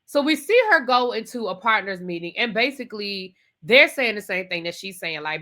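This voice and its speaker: A woman's voice: medium pitch, expressive, normal speed, hardly any pauses, sharp tone. A woman giving a chatty, opinionated recap of a TV episode, talking straight to her viewers. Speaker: TV show reviewer. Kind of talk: casual spoken recap and commentary.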